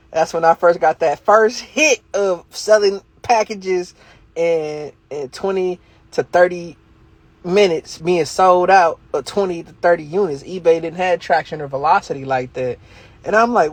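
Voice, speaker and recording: A man talks loosely on a livestream, full of street slang and hype as he coaches his viewers. His voice sits a little high for a man, and he laughs now and then between points. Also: moderate pace, no room sound. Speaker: livestream host, reselling coach. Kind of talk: casual livestream talk.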